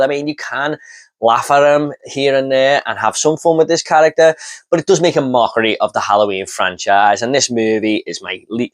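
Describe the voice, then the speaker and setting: A man giving casual commentary on bad horror movie lines, laughing often and swearing as he mocks them. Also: mid-range voice. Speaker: movie reviewer.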